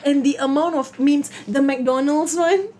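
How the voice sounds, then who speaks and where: Giggly high-voiced woman co-host. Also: fairly even intonation, a little slow, a little mellow, a little hiss or hum. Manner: giggly, rambling, keeps breaking into laughter. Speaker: podcast co-host. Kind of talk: casual late-night chat.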